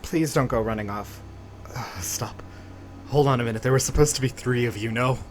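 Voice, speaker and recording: A man's voice: mid-range voice, moderate pace, a little hiss or hum, close to an everyday voice. A man voicing a weary male doctor in a video game who speaks to children in a stern, exasperated way.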